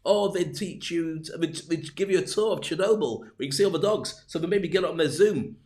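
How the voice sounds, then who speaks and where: A man's voice: fairly high pitch, fairly quick, a little mellow. A man hosting a live-streamed business talk, rambling with jokey, self-deprecating asides. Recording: roomy echo.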